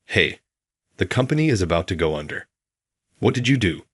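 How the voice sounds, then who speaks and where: A man voicing a shrill, spoiled, mean middle-aged woman who accuses and demands. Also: sing-song, a little fast, husky, no room sound, studio quality, exaggerated voice. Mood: shrill accusing.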